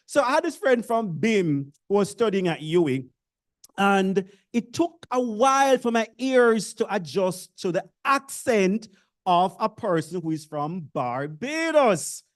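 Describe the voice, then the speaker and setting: Unhurried yet very animated, a Jamaican-accented speaker with a medium-pitched voice addresses incoming university students at orientation. The tone is casual and chatty, with plenty of teasing and jokes at their own expense.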